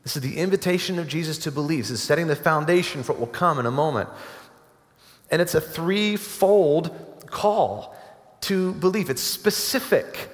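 A man preaching a sermon to a congregation, earnest and emphatic, building to forceful climaxes. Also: on the high side, lively intonation, moderate pace. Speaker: pastor. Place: church sanctuary. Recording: long hall reverb.

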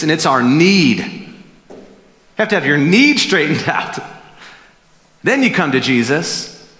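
A man preaching a sermon as pastor, emphatic and animated, acting out quotes as he goes. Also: mid-range voice. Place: church sanctuary. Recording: echoey hall reverb.

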